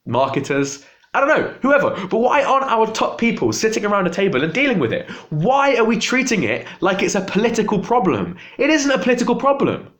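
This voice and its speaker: A man's voice: high voice, very animated, brisk, a bit bright. A young man venting in an impassioned political rant to camera, exasperated and agitated. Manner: agitated, exasperated, voice jumping up when upset. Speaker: vlogger.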